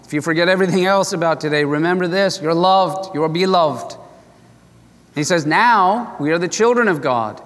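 An older man preaches, easing into a story in a warm-hearted, conversational way. His voice sits a little high for a man, and a long reverb trails behind each phrase. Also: moderate pace. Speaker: pastor. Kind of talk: sermon with storytelling.

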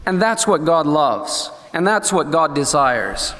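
A man preaching a sermon, telling a story with animated delivery and briefly acting out the voices of the people in it. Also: fairly high pitch, slow pace. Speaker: pastor. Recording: long hall reverb.

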